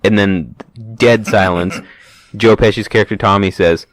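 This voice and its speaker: A man's voice: fairly low pitch, steady tone, a little slow, no echo. A man co-hosting a casual podcast, retelling movie scenes with a laugh and slipping into mobster voices. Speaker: podcast co-host. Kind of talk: casual chat.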